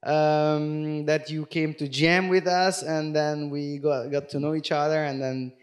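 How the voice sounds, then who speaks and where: A man hosting a casual bilingual livestream chat, pausing to search for words, with many fillers. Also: a little high, little pitch movement. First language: German. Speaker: livestream host.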